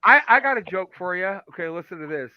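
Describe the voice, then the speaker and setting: A man in a casual group chat, telling jokes in an animated way and swearing freely. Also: high-pitched, fast, no echo. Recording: dull lo-fi call audio.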